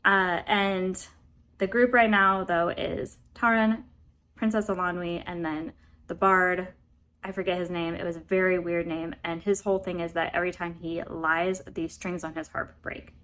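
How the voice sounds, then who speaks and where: An American woman with a lowish voice chatting through a book review in a loose, rambling way. She often stops to apologize and sounds relaxed and conversational. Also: moderate pace. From United States. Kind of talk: casual book review vlog.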